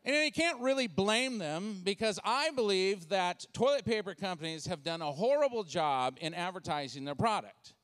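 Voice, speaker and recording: Animated storytelling man, lively pitch. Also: normal speed, few pauses. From Washington State. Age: 40s. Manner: animated storytelling with acted-out voices. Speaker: speaker and comedian. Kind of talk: comedic church talk.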